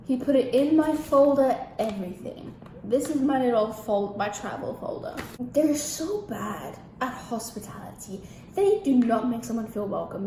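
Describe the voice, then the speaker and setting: A teenage girl tells her story on a vlog in a lively, ranting way, swearing often. Her voice is fairly high and mellow. It echoes in the room over faint ambience. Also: a little hiss or hum. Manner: animated, ranting, heavy swearing. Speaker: vlogger.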